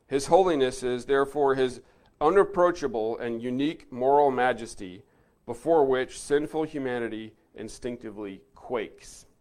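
Guy teaching a bible lesson, earnest, leans hard on key words then goes quiet and thoughtful. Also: mid-range voice. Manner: earnest, emphatic on key words, drops soft for reflection.

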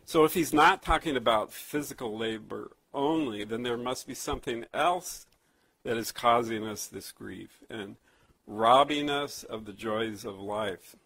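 A man preaching a sermon, telling a childhood story and reading scripture slowly, with frequent restarts and fillers. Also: medium pitch, gravelly, a bit bright, slightly rough, no room sound, low-quality recording. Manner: conversational storytelling with many restarts; slow, emphatic scripture reading. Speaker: pastor.

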